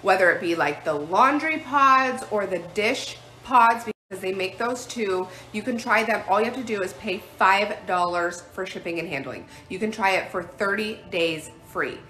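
Bubbly woman blogger vlogging on her phone around the house, chatty and excitable. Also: mid-range voice, normal speed, few pauses, soft background music. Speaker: lifestyle blogger. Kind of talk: casual phone vlog. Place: house interior.

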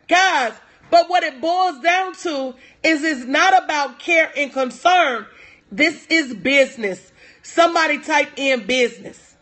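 With a high, fairly bright voice and an unhurried delivery, a middle-aged business coach gives a motivational livestream talk. She's preachy and emphatic, repeats her key lines, and greets viewers by name.

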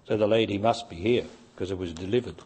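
A man's voice: lowish voice, quick pace, darkish tone, slight background noise. An older man with an Australian accent giving a spiritual teaching talk, emphatic and insistent, pushing his voice up to stress his points.

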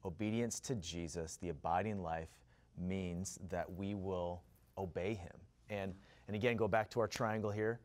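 A man with a somewhat low voice talking earnestly about faith, using loose conversational phrasing. He co-hosts a relaxed church devotional chat alongside a colleague. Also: normal speed. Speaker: pastor co-host.

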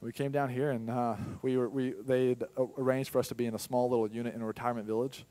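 This is a young man preaching as a pastor, giving a candid personal testimony with sudden bursts of volume. He speaks fast in a level tone with a mid-range voice.

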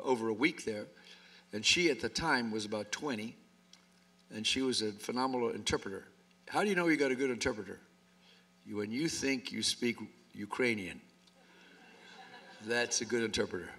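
Bright-voiced pastor with wry asides. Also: male voice, mid-range voice. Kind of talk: sermon introduction. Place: church sanctuary.

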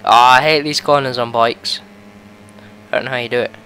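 A young man giving excitable play-by-play commentary on a racing game, his voice going a bit hoarse. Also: medium pitch, brisk, a little hiss or hum. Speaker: gaming video host.

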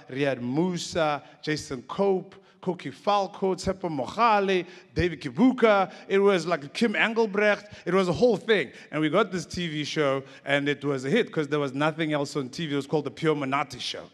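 A man's voice: a little high, big-room sound. A man in his forties, a comedian giving a rambling, casual storytelling talk on stage. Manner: casual, rambling, lots of restarts and "like".

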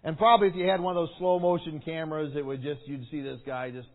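A man preaching a sermon to young people, telling a story with lively acting, shouts and sound effects. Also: on the high side, fast talker. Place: large meeting hall. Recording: tinny phone-like sound.

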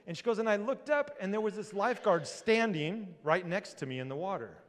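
A male pastor preaches in a church with a voice pitched a touch higher than most men. His delivery climbs to loud, animated peaks and sinks to near-whispers. The sound carries a long reverb from the sanctuary. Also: brisk. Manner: lively preaching, swings between loud and hushed. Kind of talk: sermon.

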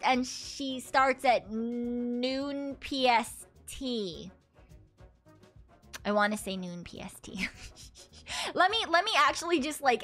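A woman VTuber streamer chatting casually and excitedly with her viewers, swearing freely and laughing often. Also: high-pitched. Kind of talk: casual livestream chat with viewers.

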